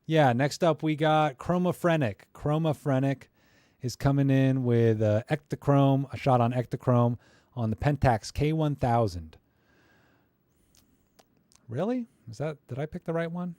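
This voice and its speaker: On a casual live stream, a young man loosely comments on photos sent in by viewers, joking and ranting as he goes. He speaks at an unhurried pace in a medium-pitched, dark-toned voice. The recording is close and dry, without any room sound.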